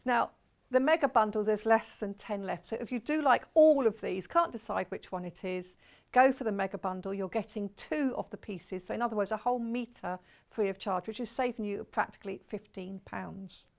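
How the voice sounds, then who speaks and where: A woman's voice: medium pitch, normal speed, gravelly, darkish tone. A woman presenting on a shopping channel, chatty and enthusiastic, gushing about each fabric. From United Kingdom. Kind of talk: live TV sales presentation.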